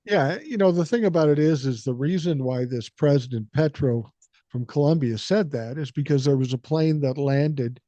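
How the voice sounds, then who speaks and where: Older guy with a cold, blunt and cussing, kinda higher voice, podcast host. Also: normal speed, warm tone, dry recording, highs cut off. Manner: blunt, profane, storytelling. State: has a cold. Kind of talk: casual podcast chat.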